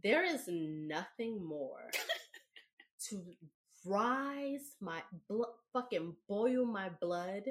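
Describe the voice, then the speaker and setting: A young woman co-hosting a podcast, telling a story in a blunt, profane, animated way. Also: medium pitch, extremely slow. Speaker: podcast co-host. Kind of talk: casual podcast chat.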